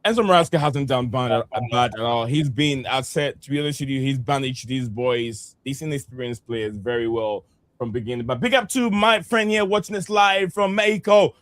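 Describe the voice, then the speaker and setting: A man's voice: mid-range voice, moderate pace, a bit bright, no echo. A man from the United States co-hosting a football live stream, reading out viewer comments in a friendly, loose way with many fillers.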